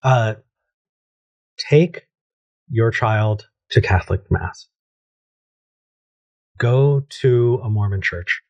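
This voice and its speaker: A man's voice: lowish voice, extremely slow, long pauses, muffled recording. A man hosting a call-in show, giving easygoing advice and thinking aloud with frequent restarts.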